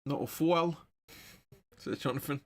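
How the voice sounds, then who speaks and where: A man hosting a football watch-along stream, giving excitable, sweary live match commentary. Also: on the high side, a little slow.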